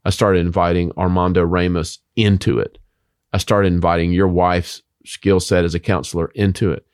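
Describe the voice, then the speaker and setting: A man's voice: low voice, little pitch movement, normal speed, a little mellow, clean tone, no room sound, studio quality. A man who is a Christian author, talking about faith in an emphatic, preacher-like way full of rhetorical questions.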